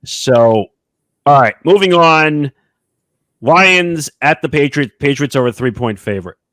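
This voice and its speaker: A man's voice: a little high, lively intonation, fairly bright tone, no echo. Dry-sounding man reading betting lines. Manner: brisk, announces games and lines. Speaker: podcast host running the segment. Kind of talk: casual sports betting talk.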